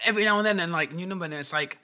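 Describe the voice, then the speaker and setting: A young man telling a story in a casual chat, animated, acting out the other people's lines and laughing as he goes. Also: high-pitched, racing. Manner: animated, acts out quotes, laughs while telling.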